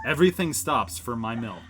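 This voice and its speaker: A man's voice: mid-range voice, background noise. A man hosting a casual let's play, rambling through gameplay commentary with lots of fillers and self-mocking asides, recorded at home.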